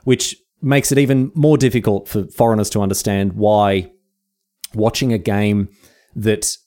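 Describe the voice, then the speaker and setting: A man's voice: lowish voice, steady tone, unhurried, warm tone. An Australian man hosting a comedic history podcast, telling the story with sarcastic, playful asides. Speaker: podcast host.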